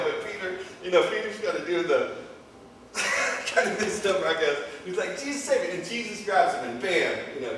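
A man preaching a casual, chatty sermon, full of asides and quick "okay?" checks with his listeners. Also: on the high side. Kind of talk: informal sermon. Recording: very echoey, distant mic, faint noise.

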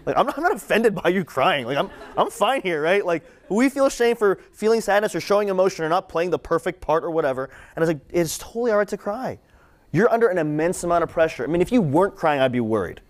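A young man giving a conversational sermon-style talk to students, animated and repeating phrases for emphasis. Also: high-pitched, fast talker. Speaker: campus ministry speaker.

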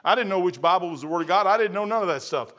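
A middle-aged man preaching a sermon as pastor in a church, swinging from quiet musing to loud fervent testimony. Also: sits high, lively intonation, rapid-fire. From United States. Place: church sanctuary.

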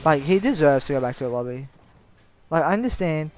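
A young man commenting on his own gameplay as a channel host. His voice sits high and leaps around a wide range. He sounds exasperated and excitable, sometimes pleading. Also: fairly quick, faint music behind.

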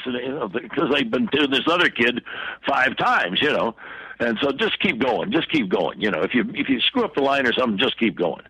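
An older man, a podcast guest, telling long rambling anecdotes full of fillers and restarts in a husky voice. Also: mid-range voice, very animated, fairly quick, sharp tone, dry recording, poor audio. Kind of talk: anecdotal storytelling in a podcast interview.

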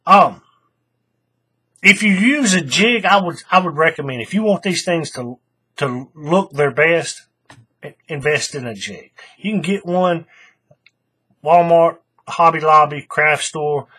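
A man's voice: on the high side, measured pace, pauses often, sharp tone, husky. A man hosting a casual craft tutorial, thinking aloud as he works and often restarting his sentences. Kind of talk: casual how-to demonstration.

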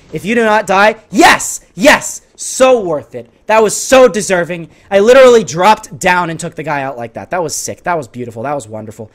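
Man, fairly high voice, hoarse, gaming commentary, sarcastic and excitable. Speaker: gaming channel host. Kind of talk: gameplay commentary.

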